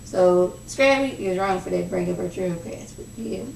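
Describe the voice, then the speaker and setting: A young woman casually recapping a reality show episode, chatty and gossipy, acting out quoted lines in a lower voice. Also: moderate pace, creaky, a little mellow, slight background noise. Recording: echoey room, mic at a distance.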